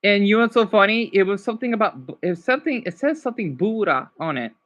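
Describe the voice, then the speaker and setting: A man's voice: high-pitched, expressive, quick pace, fairly bright tone, lo-fi sound. A man from Arizona, chatting casually with livestream viewers in a rambling, emotional, apologetic way. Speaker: livestream host.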